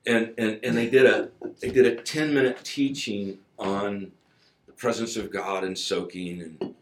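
A man telling a personal faith story in casual conversation, emphatic and informal, his voice swinging from loud to hushed. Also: on the low side, steady tone, a little slow, echoey room. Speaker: guest sharing a personal testimony.

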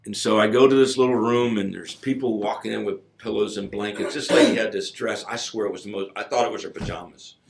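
A man telling a personal faith story in casual conversation, emphatic and informal, his voice swinging from loud to hushed. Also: fairly low pitch, fairly even intonation, fairly quick, vocal fry, hardly any pauses, roomy sound, a little hiss or hum. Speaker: guest sharing a personal testimony.

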